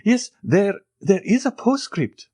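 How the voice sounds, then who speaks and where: A timid, eager old ex-soldier speaks in a strikingly high, quavering voice that swoops up and down as he fawns and frets, as a male audiobook narrator puts him on. The sound is close and dry, with no room around it. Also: very animated, slow, a little mellow, husky, dry recording, full character voice. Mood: anxious.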